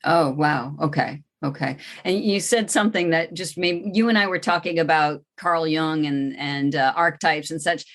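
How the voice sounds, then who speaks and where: Female interview host with a deep voice, curious and encouraging. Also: moderate pace, few pauses, a bit bright. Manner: brief encouraging responses, curious questions. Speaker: podcast host.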